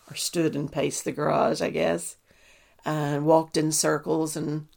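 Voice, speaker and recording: Flat-voiced mother, halting. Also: deep voice, gravelly. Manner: halting, full of ums and restarts. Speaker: mother recounting a family loss. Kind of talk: personal testimony.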